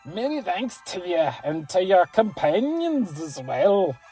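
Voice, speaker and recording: A player voicing a pompous old lord from a fantasy game, with a deliberately bad mock burr and slow, drawn-out phrasing. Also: mid-range voice, a little mellow, husky, faint music behind.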